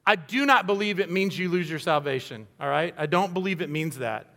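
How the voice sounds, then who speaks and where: A man's voice: a little high, animated, fairly quick, pushed and bright, in a large hall. A man preaching a sermon in an earnest, conversational way, acting out little quoted voices as he goes. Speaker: pastor.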